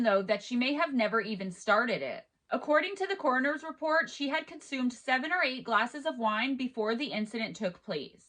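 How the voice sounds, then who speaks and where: Bright chatty woman retelling a case. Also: on the high side. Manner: chatty, adds personal asides. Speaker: true-crime video host. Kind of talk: casual storytelling narration.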